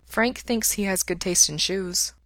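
A woman voicing a gentle, wry young man who speaks softly and understated. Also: mid-range voice, measured pace, no room sound.

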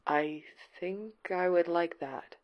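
A woman's voice: deep voice, level tone, measured pace, muffled recording. A woman reading aloud, voicing a fragile, diffident young man who speaks in a subdued way.

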